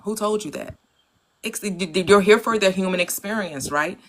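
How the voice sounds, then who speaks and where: A mid-pitched speaker in a spiritual chat agrees warmly with the others. They keep turning their points into rhetorical questions as they talk. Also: moderate pace, a crowd in the background, poor audio. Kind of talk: spiritual conversation.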